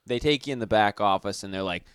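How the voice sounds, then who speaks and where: A man co-hosting a livestream, telling stories in casual chat with an animated delivery and plenty of swearing. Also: lowish voice, fast talker, smooth, no room sound, clean studio sound. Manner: animated storyteller, swears freely. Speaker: livestream co-host.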